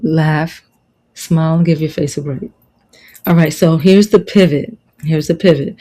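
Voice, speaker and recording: A woman's voice: deep voice, fairly even intonation, normal speed, warm tone, low-quality recording. A middle-aged woman life coach teaching a motivational online lesson, preaching and repeating her key phrases for emphasis.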